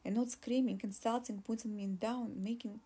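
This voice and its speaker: A woman's voice: fairly high pitch, fairly even intonation, normal speed, mellow, breathy edge. A woman voicing a pregnant young woman who pleads and argues in an audiobook reading. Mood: pleading. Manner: pleading, insistent.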